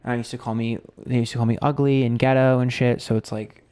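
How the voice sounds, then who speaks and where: A man's voice: mid-range voice, flat delivery, fast, warm tone, clean tone. A man in his thirties from New York, with a New York accent, chatting casually on a live stream as a psychic tarot reader. He reads viewer comments aloud and talks loosely and candidly, swearing freely and filling his speech with "like" and "um.". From Queens, New York. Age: 30s.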